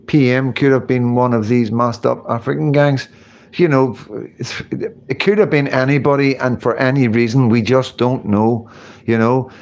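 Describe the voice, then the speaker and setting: A man's voice: medium pitch, fairly even intonation, normal speed. Northern Irish man, middle-aged, casual livestream, rambling, swears, "you know what I mean". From Northern Ireland. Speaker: livestream host.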